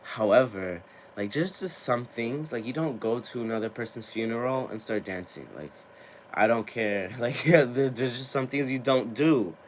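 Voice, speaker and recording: This tarot and spiritual channel host, a man in his twenties, talks to the camera in a relaxed way at medium pitch and moderate pace. He gets excited, laughs frequently and swears every so often, over a faint hiss or hum.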